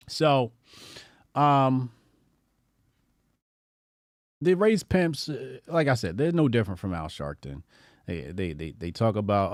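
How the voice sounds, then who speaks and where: A man's voice: dry recording, studio quality. Profane, mocking male political commentator. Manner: profane, mocking impressions of opponents; animated, swings from low muttering to raised outbursts. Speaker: commentary show host.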